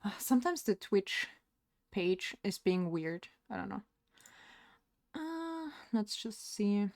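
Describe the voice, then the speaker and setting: A young woman chatting on a live stream from home. She rambles loosely and laughs often. Her voice sits at an ordinary middle pitch, and the sound is dry and close. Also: very animated, slow, vocal fry, darkish tone, no echo. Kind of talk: casual live-stream chat.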